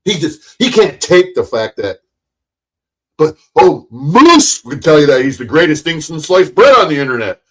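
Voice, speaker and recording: Profane, combative livestream host. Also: male voice, fairly high pitch, very animated, normal speed, fairly bright tone. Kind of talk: ranting live stream monologue.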